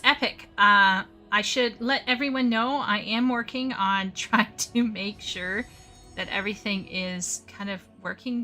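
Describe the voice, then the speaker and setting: A woman with a medium-pitched, sharp voice chats casually with her viewers during a gaming livestream. She's chatty but often flustered and stammering, talking to chat as she plays.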